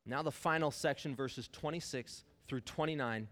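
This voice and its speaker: A man's voice: medium pitch, moderate pace, few pauses, fairly bright tone. Emphatic man preaching in a reverberant hall. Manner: emphatic, conversational, addresses listeners as "you guys". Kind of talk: sermon.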